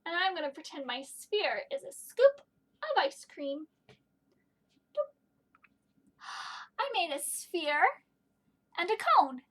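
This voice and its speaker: A woman teaching a home video lesson to young children, playful and gentle, asking them questions as she works. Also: very high voice. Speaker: kindergarten teacher.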